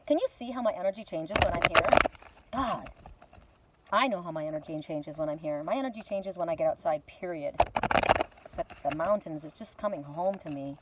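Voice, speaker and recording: A woman's voice: fairly low pitch, moderate pace. Chatty woman in her fifties, windy outdoors. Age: 50s. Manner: chatty, rambling, lots of repeats and laughs. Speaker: oracle card reader. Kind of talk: casual outdoor card reading vlog. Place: outdoors in windy mountain forest.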